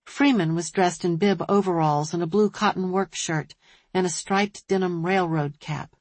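A woman narrating an audiobook in a measured storytelling manner, recorded close on a studio mic. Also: lowish voice, darkish tone, dry recording. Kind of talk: scripted narration.

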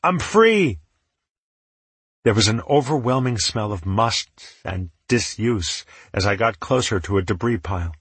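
A man narrating a first-person story as an audiobook narrator, in an even, measured reading. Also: on the low side, husky, no echo.

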